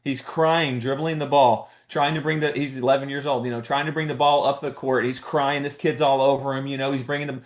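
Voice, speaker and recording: A man in the middle of a motivational talk, his pitch sitting at an ordinary middle level. He drives his points home with urgent questions and short repeated phrases, and his voice carries a roomy echo. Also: level tone, brisk, few pauses. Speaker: motivational speaker to a business team.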